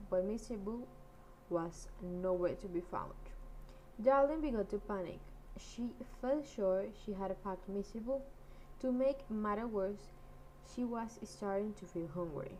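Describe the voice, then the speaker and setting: A woman reads a fairy tale aloud, lilting and expressive. Her pace is slow and deliberate, and a faint hiss sits beneath her voice. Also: medium pitch, low-quality recording. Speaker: storyteller.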